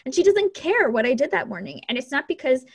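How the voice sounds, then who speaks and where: A woman's voice: high voice, sing-song, fast, creaky. An outgoing, upbeat woman hosting an interview, chatting and laughing often. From Canada. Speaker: podcast host. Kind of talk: interview chat.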